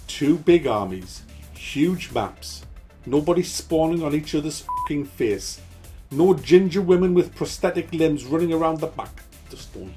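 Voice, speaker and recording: A man's voice: medium pitch, a little mellow. A middle-aged man hosting a gaming channel, ranting with nostalgia, swearing a lot and repeating game titles over and over.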